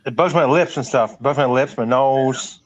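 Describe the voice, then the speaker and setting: A man's voice: medium pitch, moderate pace. A man dropping into a livestream as a guest, giving brief, offhand replies. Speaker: call-in guest. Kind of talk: casual live chat. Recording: dull lo-fi call audio.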